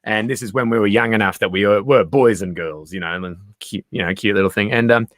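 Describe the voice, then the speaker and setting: A man in casual interview chat, an animated storyteller who acts out the voices he quotes. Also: lowish voice, brisk, no echo, studio quality. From Australia. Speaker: comedian guest.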